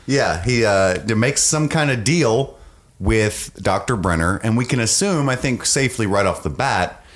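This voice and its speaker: A man with a notably low voice co-hosts a casual podcast recap. He jokes and swings his tone widely as he acts out scenes. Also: measured pace. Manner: animated, joking, acts out scenes. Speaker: podcast co-host.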